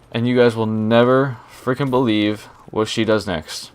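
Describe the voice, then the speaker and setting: While playing a shooter game, a young man tells a rambling story about work, often breaking off to react to the match in this story-time gameplay commentary. His voice is medium-pitched and steady at a normal speed, with a little hiss or hum.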